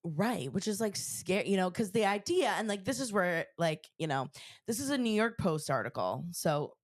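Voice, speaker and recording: A woman's voice: medium pitch, normal speed, no echo, studio quality. A woman co-hosting a podcast in casual chat, retelling stories with lots of "like" fillers. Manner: chatty, many "like" fillers, animated retelling. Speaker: podcast co-host.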